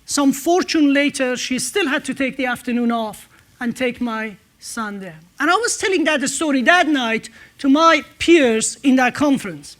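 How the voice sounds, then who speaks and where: Keynote speaker, man, higher voice, relaxed storytelling at a conference. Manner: storytelling, conversational with filler pauses. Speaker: entrepreneur speaker. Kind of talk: conference talk. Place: conference stage.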